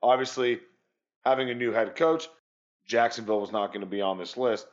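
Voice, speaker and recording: A man's voice: medium pitch, fairly quick, dull audio. A man co-hosting a sports podcast, chatting loosely and casually with occasional swearing. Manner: loose and profane, rambling. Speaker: podcast co-host.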